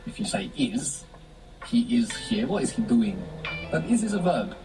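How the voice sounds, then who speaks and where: A man's voice: mid-range voice, very animated, measured pace, over music, rough recording. Guy teaching a language class, patient, keeps asking questions, voice goes up and down a lot. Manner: patient, explaining step by step and prompting with questions. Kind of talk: guided language lesson.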